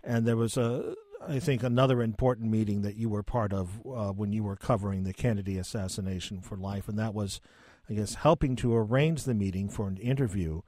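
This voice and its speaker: A male interviewer asks questions in a measured, conversational way. His voice sits a bit low. The sound is close and dry. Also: warm tone, dry recording. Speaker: interview host.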